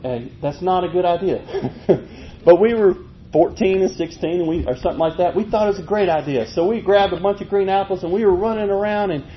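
A man preaching a folksy, animated sermon, chuckling as he tells stories. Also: fairly quick. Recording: muffled, low-fi with faint noise.

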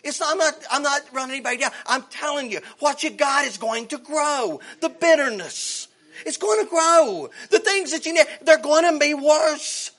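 A man preaching a fervent sermon, swinging from shouts to hushed tones, with folksy phrasing and rhetorical questions. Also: very high voice, normal speed. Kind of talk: evangelical sermon.

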